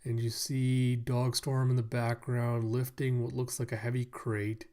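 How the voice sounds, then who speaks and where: A man's voice: medium pitch, flat delivery, measured pace, a little mellow. A man giving a casual manga review, animatedly retelling the scenes and acting them out.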